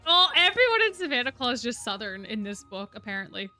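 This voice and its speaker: A woman streamer reading a novel aloud live, lively and laughing at the text. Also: on the high side, brisk, soft background music.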